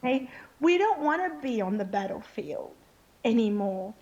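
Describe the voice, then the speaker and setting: A woman speaks as an interview guest in an earnest, impassioned way. Her voice sits fairly high, and she drives her points home with a repeated "okay?" at the ends of her sentences. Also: sing-song, normal speed, a little mellow, muffled recording. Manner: earnest, keeps asking "okay?".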